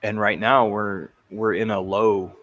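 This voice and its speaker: A man giving casual commentary on video clips, halting and thinking aloud with frequent restarts. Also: on the low side, flat delivery, fairly bright tone. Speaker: crypto commentator.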